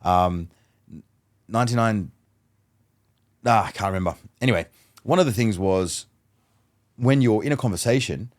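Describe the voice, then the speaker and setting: A low-pitched man talks in a relaxed podcast chat. He tells lively stories and slips into other people's lines as he goes. His voice sits deep and steady under the anecdotes. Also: normal speed, long pauses. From Australia. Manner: animated storyteller who acts out dialogue. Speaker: guest mentalist. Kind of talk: casual podcast conversation.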